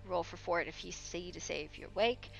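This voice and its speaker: A woman acting as game master, narrating a horror tabletop scene on a live stream in a hushed, hesitant way with frequent ums. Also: fairly low pitch, fairly quick, vocal fry, soft background music.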